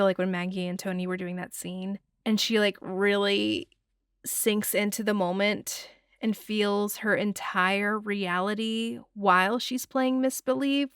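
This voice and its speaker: A woman hosting a casual film breakdown, expressive and gushing, swearing freely with sighs and laughs. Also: medium pitch, clean tone, dry recording, studio quality. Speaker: film reviewer, host.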